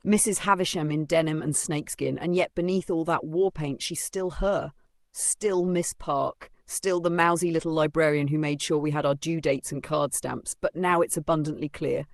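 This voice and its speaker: A man's voice: a little high, steady tone, normal speed, dry recording. A man narrating a first-person novel in a dry, sardonic storytelling manner. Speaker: audiobook narrator.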